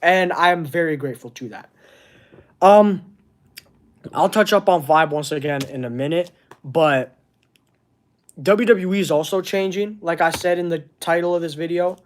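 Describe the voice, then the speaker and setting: High-voiced man streaming casually. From Canada. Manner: halting, searching for words, earnest. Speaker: wrestling channel host. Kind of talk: casual livestream chat reading comments.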